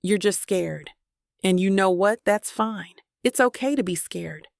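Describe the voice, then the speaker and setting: A woman's voice: medium pitch, measured pace, vocal fry, dry recording, studio quality. A woman voicing an insistent, caring friend. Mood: pleading. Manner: firm, coaxing.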